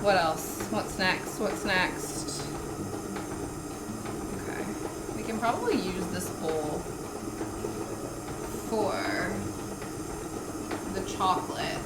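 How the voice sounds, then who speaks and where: A woman's voice: mid-range voice, very slow, pauses often, heavy background noise. A young woman chatting casually and giggling as she bakes in her home kitchen, rambling through asides. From Canada. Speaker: baking vlogger. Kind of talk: casual chat while baking. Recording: echoey room with background music. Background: background music.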